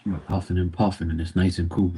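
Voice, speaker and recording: A man's voice: low-pitched, level tone, fast talker, dark tone. A man hosting a casual live stream from home, greeting viewers by name and teasing his dog in a laid-back way. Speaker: live stream tarot reader.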